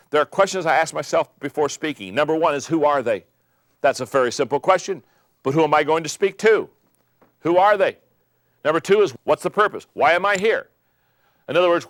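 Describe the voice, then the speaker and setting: A man's voice: a little high, no echo, studio quality. Emphatic older man giving a leadership talk. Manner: emphatic, repeats key phrases, rising to loud peaks. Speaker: speaker on leadership. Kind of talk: motivational talk.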